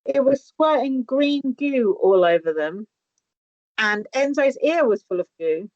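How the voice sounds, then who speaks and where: A woman's voice: high voice, unhurried, dry recording. A woman co-hosting a podcast, chatting casually and giggling as she recaps a reality show. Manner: giggly, swearing, animated. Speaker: podcast co-host. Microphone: remote call mic. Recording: dull, dry lo-fi remote recording.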